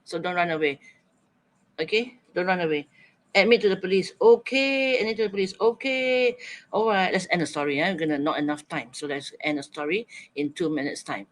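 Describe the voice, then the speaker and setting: A man's voice: on the high side, a bit bright, rough recording. Man coaxing an online writing class. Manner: coaxing, thinking aloud, repeating students' answers. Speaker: teacher.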